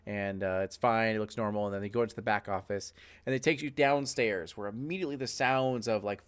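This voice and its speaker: A man narrating as game master, rambling with plenty of fillers. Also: medium pitch.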